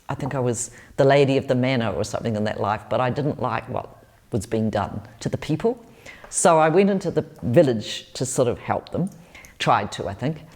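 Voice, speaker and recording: Low-voiced New Zealand woman, earnest. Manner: earnest, warm storytelling with repeated phrases. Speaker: spiritual teacher and channeller. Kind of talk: interview answers.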